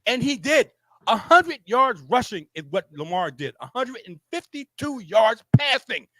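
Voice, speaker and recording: Here the man's voice is extremely high and sing-song, slightly bright, and unhurried, captured dry. Hosting a sports show in front of a camera, he argues with heat, insisting, repeating points, and stumbling into restarted sentences.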